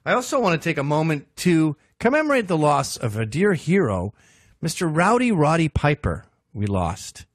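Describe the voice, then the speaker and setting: A man's voice: on the high side, very animated, normal speed, no echo, clean studio sound. A man hosting a podcast, telling a comic story and jumping into silly voices for the characters in it. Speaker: podcast host. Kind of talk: comic monologue.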